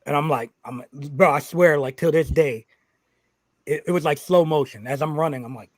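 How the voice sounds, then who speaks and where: A man who is a pro wrestler telling a story on a podcast, animated and profane, acting out what people said. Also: on the high side, moderate pace, noisy background. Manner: animated, profane, acts out quotes. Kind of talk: casual storytelling.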